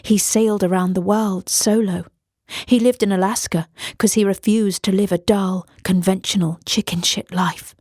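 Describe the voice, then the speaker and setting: A woman narrating a horror audiobook in a measured way. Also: mid-range voice, fairly even intonation, a little mellow, no room sound, clean studio sound.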